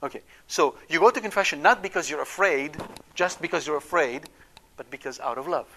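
A man's voice: on the high side, a little fast, pushed and bright, a little hiss or hum. A man giving an emphatic Catholic teaching talk, often checking in with his listeners. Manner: acts out quoted prayers. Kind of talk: catechetical talk.

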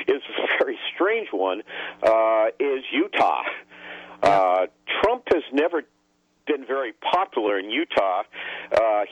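A man, a political strategist guest on a radio call-in show, speaking haltingly with many filler pauses. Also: medium pitch, no room sound. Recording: dull lo-fi phone line.

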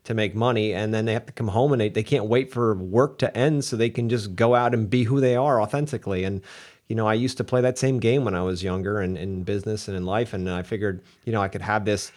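Male podcast host, low voice, easygoing and reflective, quick to laugh. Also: fairly even intonation, a little mellow. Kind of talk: casual podcast chat.

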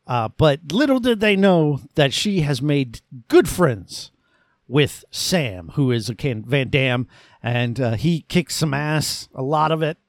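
A man's voice: on the high side, animated, slow, dry recording, studio quality. A man hosting a podcast, casually and enthusiastically reviewing an action movie, rambling with fillers. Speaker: podcast host.

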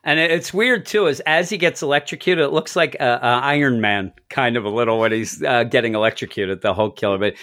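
A man's voice: medium pitch, a little fast, few pauses, fairly bright tone. A middle-aged man co-hosting a podcast in casual chat, telling long rambling stories and chuckling as he goes. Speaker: podcast co-host.

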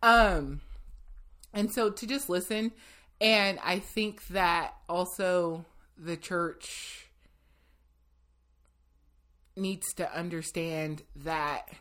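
A woman's voice: low-pitched, fairly bright tone. A woman guest in an interview, talking casually and animatedly, laughing as she tells a story and quoting people in a raised voice. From Seattle area, USA.

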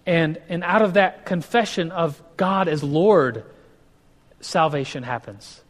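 Taking it slowly, a male pastor with a fairly high pitch delivers a casual sermon in a conversational manner. He restarts sentences often and dramatizes quotes from others, recorded with long hall reverb.

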